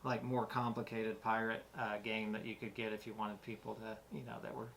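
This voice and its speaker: A man's voice: fairly low pitch, little pitch movement, brisk, creaky, a bit bright. A man co-hosting a board game review, agreeing often and rambling as he searches for words. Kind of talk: casual review chat.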